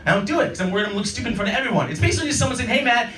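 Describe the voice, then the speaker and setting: A man's voice: sits high, expressive, rapid-fire, a bit bright, slight background noise. A man in his thirties performing a stand-up set in a comedy club, acting out characters in silly voices. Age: 30s. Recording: roomy club audio from a distance. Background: audience laughter.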